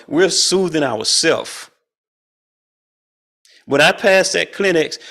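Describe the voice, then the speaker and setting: Gravelly-voiced man leading a spiritual talk. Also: a little high, a bit bright. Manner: folksy, colloquial, chuckles often. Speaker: spiritual study group leader.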